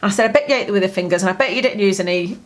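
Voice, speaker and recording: Woman vlogging from home, rambly candid storytelling, mid pitch, lots of you knows. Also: racing. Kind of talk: personal grief diary vlog.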